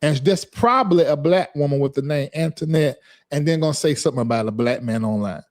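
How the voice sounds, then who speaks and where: Here the livestream host's voice is a little high and a little mellow, expressive and fairly quick. Talking casually, he reads out the chat and sassily scolds a commenter in a drawling rhythm.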